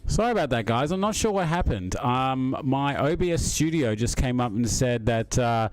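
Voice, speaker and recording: A man's voice: medium pitch, expressive, normal speed. A middle-aged man with an Australian accent, chatting casually on a live stream, rambling with lots of fillers and chuckles.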